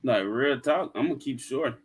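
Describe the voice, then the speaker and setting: A man's voice: mid-range voice, moderate pace, a crowd in the background. A man in casual chat about his trading, speaking in a loose, rambling, agreeable way. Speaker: guest trader.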